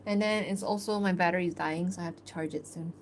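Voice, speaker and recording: A woman's voice: lowish voice, steady tone, quick pace, slight background noise. A woman artist chatting casually on a livestream as she works, with a loose, rambling manner and small laughs. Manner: reads fan-fiction narration aloud. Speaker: artist streaming her work.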